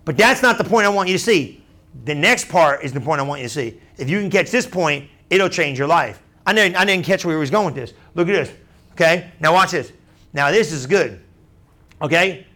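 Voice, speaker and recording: High-voiced man preaching animatedly. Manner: animated, conversational, acts out crowd voices; repeats phrases, asks "you understand?". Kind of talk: sermon.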